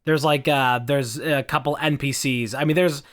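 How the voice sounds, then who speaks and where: An excitable male podcast co-host in casual chat, tumbling through thoughts with fillers and bursts of energy. His pitch is middle of the road and plainly conversational. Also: normal speed. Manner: excitable, quotes game lines.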